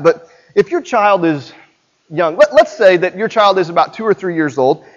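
A high-pitched man preaches a sermon as pastor, speaking to his congregation in a chatty way and asking them questions. He is in a church, and the recording is slightly dull and lo-fi. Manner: conversational, asks the congregation direct questions.

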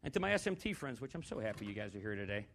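A man's voice: on the low side, sing-song, racing, fairly bright tone, a little hiss or hum. A man preaching a sermon in a church, talking conversationally, putting questions to the congregation and slipping in dry, sarcastic humor.

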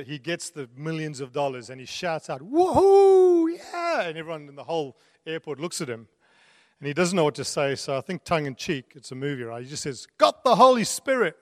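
A man's voice: medium pitch, dry recording, studio quality, long reverb tail. A man preaching a sermon in an earnest way, repeating key phrases and laughing now and then. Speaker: pastor.

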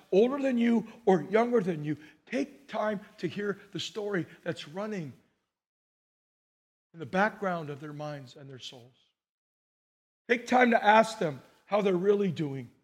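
A male pastor preaching a sermon, telling stories and moving between hushed lines and emphatic ones. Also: high-pitched, husky.

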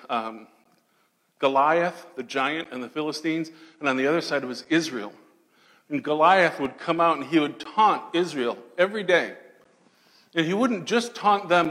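A man preaching a sermon in a church sanctuary, with a slightly higher voice that hangs in a long reverb. He swings from loud, ringing declarations down to hushed, almost whispered lines. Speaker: pastor.

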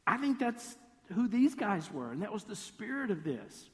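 A man preaching a sermon, telling the story in a lively way, acting out quoted voices and slipping in playful sarcasm. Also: high voice, moderate pace. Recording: long reverb of a large hall.

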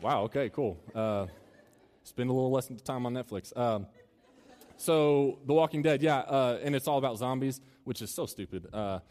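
A man's voice: medium pitch, normal speed, darkish tone. A man preaching a sermon to students, joking and chatty at times and earnest at others. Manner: joking and conversational, then earnest and building. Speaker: campus minister. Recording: long reverb of a large hall.

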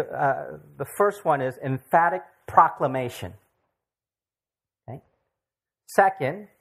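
A visiting Bible teacher leading a casual church study, speaking haltingly with frequent fillers and often checking in with the group. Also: medium pitch. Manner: halting, many fillers, keeps checking in with "okay?". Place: church gathering.

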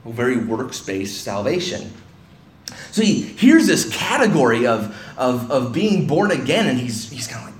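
A man's voice: medium pitch, very animated, normal speed. A man preaching an expository sermon in a church hall, talking conversationally with frequent restarts and voicing the people he quotes. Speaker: pastor. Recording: echoey room, faint hiss.

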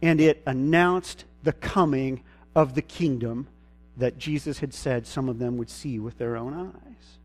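A man's voice: medium pitch, unhurried. A man preaching a sermon, retelling a Bible story in a casual, folksy storytelling way.

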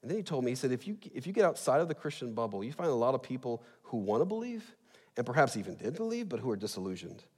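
A middle-aged man, a pastor, preaching a sermon in a lively, conversational way with asides. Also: medium pitch, fast, breathy edge. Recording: long reverb in a large hall.

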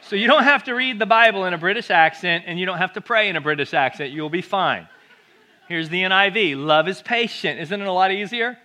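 A male pastor preaching to his church with a high, bright voice. He talks in a lively, conversational way and slips jokes in between points. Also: a little fast. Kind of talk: sermon.

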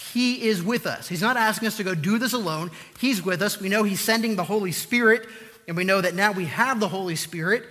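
A man preaching a sermon, earnest and emphatic, repeating key points with slow deliberate pauses. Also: high-pitched, pushed and bright, in a large hall.

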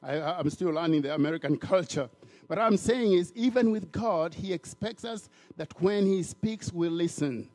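A man from Africa preaching a sermon in an animated way, repeating words and acting out the voices of people he quotes. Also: sits high, normal speed.

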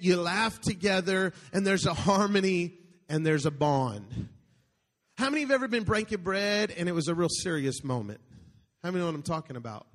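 A middle-aged man preaching a sermon, an animated storyteller who jokes and calls out to the congregation. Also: high-pitched, moderate pace. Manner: animated, joking storyteller with call-outs to the congregation. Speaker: pastor. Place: large church auditorium. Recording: long hall reverb.

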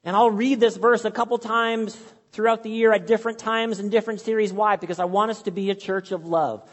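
Preaching a sermon in a steady, high voice at a brisk clip, this male pastor speaks earnestly and conversationally, repeating himself to hammer points home. The recording has the long hall reverb of the church sanctuary, with the highs cut off.

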